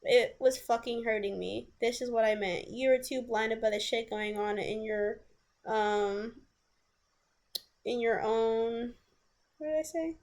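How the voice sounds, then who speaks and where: A woman's voice: a little high, measured pace, darkish tone. A woman telling a personal story in a vlog, blunt, profane and candid. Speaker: vlogger.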